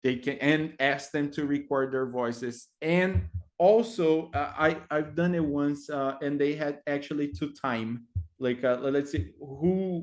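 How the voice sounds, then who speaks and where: Male teacher trainer, somewhat high voice, halting delivery full of fillers. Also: a little mellow. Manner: hesitant, many fillers, frequent tag "right?". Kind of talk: explaining classroom activities.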